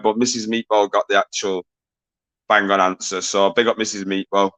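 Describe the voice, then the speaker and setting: A man's voice: medium pitch, steady tone, normal speed. A man runs a live-stream quiz in loose, casual chat. He swears freely, laughs at the answers and calls out greetings to his viewers. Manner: swears often, jokey, shouts greetings to viewers. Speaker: livestream quiz host.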